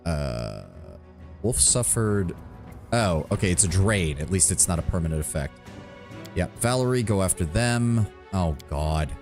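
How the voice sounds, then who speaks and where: Profane streamer playing a video game. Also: male voice, sits low, a little slow. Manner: profane, animated, muttering. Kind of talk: casual game commentary. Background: faint game music.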